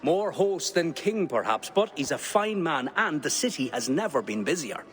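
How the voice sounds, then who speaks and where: A man's voice: a little high, sing-song, moderate pace, a bit bright, soft background music. An actor playing a friendly working man, an Irish tanner, in a video game. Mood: chatty. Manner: chatty, easygoing. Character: friendly male Irish tanner, common folk.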